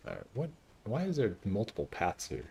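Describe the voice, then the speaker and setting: Joking low-voiced male gaming streamer. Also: huge pitch swings, brisk, gravelly. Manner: chatty, joking, thinks out loud. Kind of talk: casual gameplay commentary.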